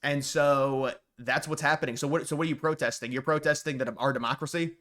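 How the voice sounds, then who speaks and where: A man with an average-pitched voice talks through political commentary in a loose, unscripted monologue. He rambles, repeats himself and restarts sentences, and throws in sarcastic asides. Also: steady tone, a little fast, a bit bright.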